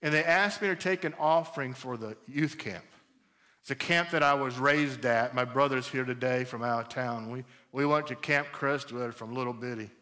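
A middle-aged man preaching a sermon as pastor, animated and conversational, repeating phrases for emphasis. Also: medium pitch, moderate pace.

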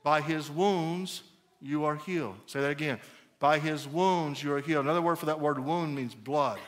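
A middle-aged pastor delivers a lively, conversational sermon, his voice sitting a little high for a man. He repeats key phrases and speaks straight to his congregation. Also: moderate pace.

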